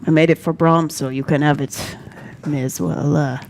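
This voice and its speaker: A woman's voice: low-pitched, fairly even intonation, normal speed, creaky, darkish tone, slight background noise, pitched below the performer's own voice. A woman voicing a sardonic, self-deprecating female bar owner in a tabletop role-play game, speaking dryly. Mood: dry sarcastic.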